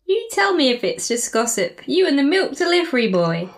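Woman doing a lively, gossipy kitchen maid, coarse and cheeky. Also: high voice, moderate pace. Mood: teasing. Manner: coarse, nosy, working-class.

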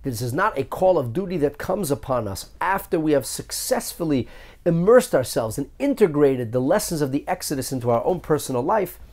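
A man leads a study lesson, his pitch swinging widely as he works through each phrase. He thinks aloud, hedges often and circles back to reread the words. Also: fairly quick. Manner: animated, searching, thinks aloud with frequent hedges. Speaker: Torah teacher.

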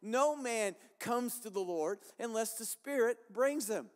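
A man's voice: very high voice, expressive, unhurried. A male pastor preaching a sermon with an impassioned, repetitive cadence. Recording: long hall reverb.

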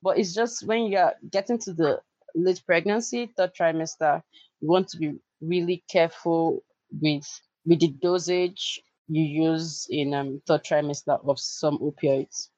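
A woman co-hosting a podcast, calmly explaining medical points to her co-host. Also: deep voice, a little slow, no room sound. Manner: sympathetic, explanatory. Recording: dry, dull lo-fi remote audio.

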